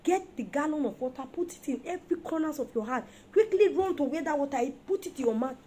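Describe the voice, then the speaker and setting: A woman's voice: high voice, expressive, fast, dark tone. A woman voicing a commanding male traditional healer who issues firm instructions.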